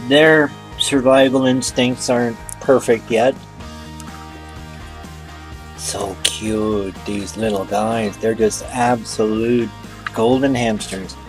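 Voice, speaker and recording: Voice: mid-range voice, fairly even intonation, slow. A pet vlogger in their fifties, chatting casually and cooing playfully while narrating footage. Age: 50s. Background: background music.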